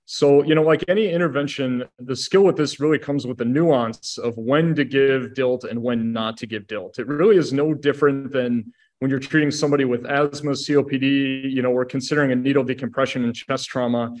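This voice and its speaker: A middle-aged man with a voice of ordinary pitch talks through a medical topic for fellow paramedics. He explains things steadily and methodically, sprinkling in "you know" as he goes. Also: fairly even intonation, fairly quick, darkish tone. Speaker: assistant medical director. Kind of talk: educational podcast discussion.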